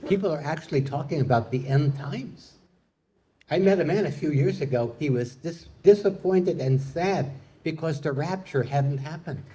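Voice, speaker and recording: A man's voice: on the high side, normal speed, dark tone. A man performing a live stand-up comedy set, delivering puns to an audience in a hall. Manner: punning, playful delivery with audience laughter.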